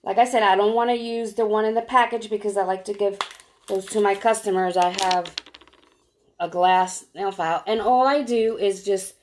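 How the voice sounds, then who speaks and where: A woman with a mid-range voice hosts a casual live-stream demo, explaining each step as she works. She chats easily and calls out to viewers by name. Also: medium pitch. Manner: chatty, walks viewers through each step; greets viewers by name while demonstrating. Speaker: nail strip seller.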